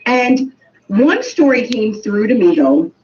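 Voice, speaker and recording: A woman, a co-host and teacher, telling animated stories in casual chat and laughing often. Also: a little high, slow. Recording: dull lo-fi sound, distant from the mic.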